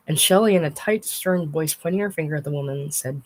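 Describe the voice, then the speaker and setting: A woman's voice: sits low, quick pace, hardly any pauses, a little mellow, poor audio. A woman reading a memoir written as a dialogue aloud, telling stories in a conversational way and speaking the quoted lines. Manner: conversational storytelling, quoting others aloud. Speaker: audiobook reader.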